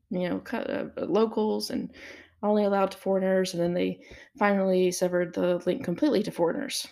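A woman's voice: lowish voice, vocal fry, darkish tone. A woman giving a casual solo commentary, thinking aloud with fillers and restarts and asking herself rhetorical questions. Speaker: crypto commentator.

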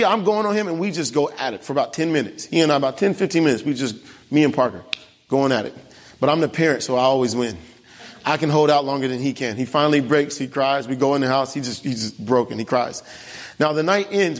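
A man's voice: a little high, big-room sound. A young man preaching a sermon, telling a family story and asking the congregation questions. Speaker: pastor. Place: church.

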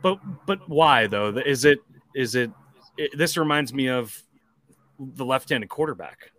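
A man co-hosting a casual sports podcast, chiming in with quick remarks and stammering restarts. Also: medium pitch, lively intonation, a bit bright. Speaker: podcast co-host.

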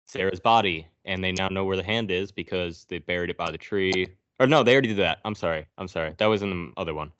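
A man's voice: low-pitched, fairly bright tone, no echo, dull audio. A man hosting a podcast, recapping a movie's plot in a sarcastic, profane storytelling manner. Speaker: podcast host.

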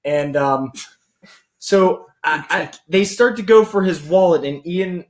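Guy with a high voice telling a story, bouncy and lively, laughs a lot. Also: slow. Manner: animated, laughing, acts out voices in quotes. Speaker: podcast co-host telling a story. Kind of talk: casual storytelling chat.

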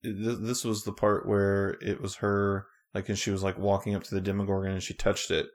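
A man's voice: deep voice, brisk. A man co-hosting a podcast, recapping a show in casual chat with a rambling, filler-heavy manner. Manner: relaxed, rambling with many fillers. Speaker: podcast co-host.

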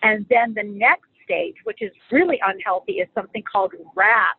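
A middle-aged woman speaking as a guest on marriage and faith, teaching in a conversational, animated and humorous way. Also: mid-range voice, normal speed, slightly rough, no room sound. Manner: animated and humorous, acts out quoted lines. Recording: phone-like dry audio.

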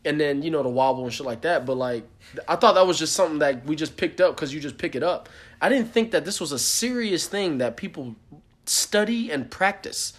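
A young man casually telling a story on a podcast, animated and profane, acting out the people he quotes. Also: fairly high pitch, brisk. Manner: animated, swears a lot, acts out quotes. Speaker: podcast co-host.

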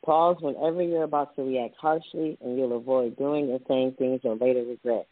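Man, mid-pitched, reflective casual chat, reads quotes, thin phone-like dry sound. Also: steady tone, dry recording. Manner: reflective, reads quotes aloud, bursts of quick talk. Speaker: podcast co-host.

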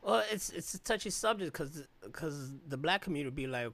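A man's voice: on the high side, very animated, brisk, hardly any pauses, sharp tone, no echo. A man from Chicago in casual podcast chat, rambling through a personal story and acting out the voices of people he quotes. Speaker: podcast co-host.

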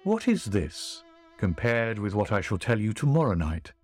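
A man voicing a young queen who tells stories to save her life, in a soft, measured way. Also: lowish voice, big pitch swings, faint music behind. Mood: wistful. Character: young woman storyteller queen, gentle.

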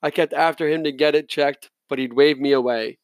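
A man's voice: fairly high pitch, steady tone, brisk, no room sound. Man reading a novel aloud, dry sound. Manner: plain reading with occasional slips and restarts. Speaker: audiobook reader. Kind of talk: first-person novel narration.

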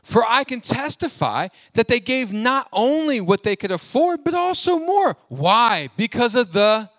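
Male pastor, high-pitched, lively sermon delivery with jokes and congregation call-outs. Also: takes it slowly, dry recording. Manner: call-and-response preaching, asks congregation to fill in words; animated, jokes and laughs, sings snatches.

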